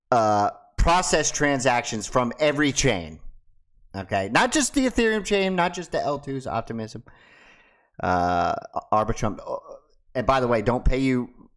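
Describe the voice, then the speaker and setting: A man hosting his own video, talking casually and ranting in a mocking way. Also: medium pitch. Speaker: crypto video host. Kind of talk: casual monologue to camera.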